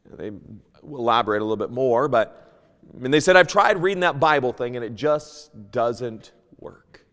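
A man teaching a Sunday school lesson, reading King James scripture aloud and moving between loud emphasis and hushed asides. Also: mid-range voice, normal speed, in a large hall. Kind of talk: Bible teaching, sermon. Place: church.

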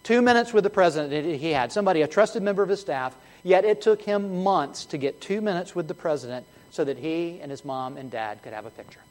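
A man's voice: a little high, lively intonation, fairly quick, hardly any pauses. Emphatic male preacher. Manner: earnest and emphatic, with frequent restarts and shifts between loud and hushed. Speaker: pastor. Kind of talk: sermon.

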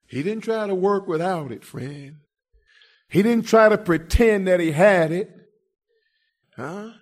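A male preacher delivering an impassioned sermon, swinging from quiet murmurs to loud shouts, throwing in rhetorical "huh?" asides and calling listeners "friend". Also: high-pitched, slow pace.

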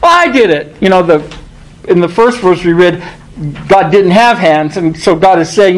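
A man preaching a sermon, reading scripture aloud and rising in pitch on the quoted lines, thinking aloud with restarts. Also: expressive, normal speed, poor audio. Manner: rises in pitch when quoting scripture.

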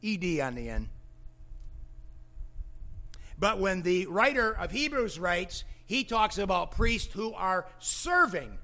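A man preaches a verse-by-verse sermon in a slow, deliberate cadence. His voice sits fairly high and bright, and he leans hard on single words, rising and then dropping low for emphasis. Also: big pitch swings. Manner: deliberate, emphatic phrasing with dramatic drops and rises. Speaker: pastor. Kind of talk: expository sermon.

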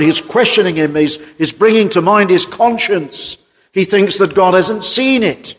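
A man preaching a sermon, rising to high emphatic peaks and then dropping low and quiet. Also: moderate pace, slightly rough. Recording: long reverb of a large hall.

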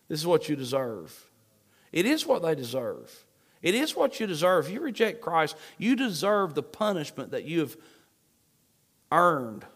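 A man preaching a sermon, emphatic and repeating key phrases to his congregation. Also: on the high side.

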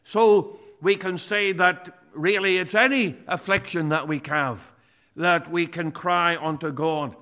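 Male preacher, unhurried sermon delivery, higher-pitched voice. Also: bright, forceful tone. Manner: slow, deliberate preaching with read-aloud scripture.

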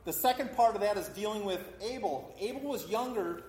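High-voiced preacher in an echoey hall. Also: male voice, lively intonation, fairly quick, darkish tone. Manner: acts out voices in quotes, talks with a congregation. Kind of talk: sermon. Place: church hall.

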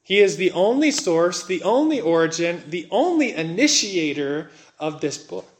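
Earnest, fairly high-voiced male preacher. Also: big pitch swings. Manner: earnest, slows down to stress key words. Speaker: pastor. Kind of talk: sermon.

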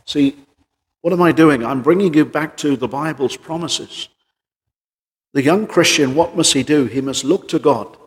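Speaking at a normal speed in a fairly high voice, a man preaches earnestly in a large hall. He drives his points home with rhetorical questions, alternating loud emphasis with quieter stretches.

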